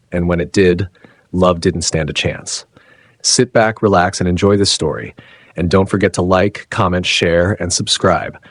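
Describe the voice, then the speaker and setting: A man narrating a dramatic story in a slow, suspenseful delivery. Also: sits low, slightly rough, dry recording.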